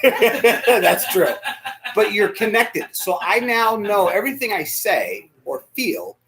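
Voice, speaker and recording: A man preaching a sermon as pastor, emotional, dropping to near whispers and rising to shouts. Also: high voice, big pitch swings, takes it slowly, vocal fry, a crowd in the background. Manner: emotional, swings from hushed to shouting. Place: church sanctuary.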